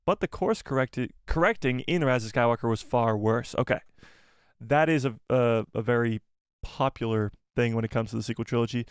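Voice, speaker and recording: A man hosting a live fan show, chatting casually, reading donation messages and reacting with animated repeats. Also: medium pitch, brisk, smooth, dry recording, clean studio sound. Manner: animated, exclaiming, repeats himself.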